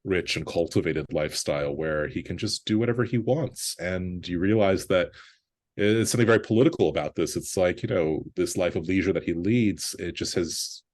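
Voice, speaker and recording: A man's voice: sits low, moderate pace, darkish tone. A man who is a guest film critic, talking through a movie in thoughtful conversational analysis, restarting sentences often. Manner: thoughtful, many restarts, quotes characters in a lighter voice.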